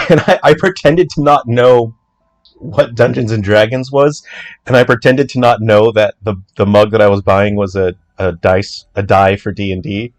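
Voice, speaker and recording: A man, an indie game developer, talking through his code in a casual walkthrough, chatty and joking with quick asides. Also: lowish voice. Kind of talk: casual livestream coding walkthrough.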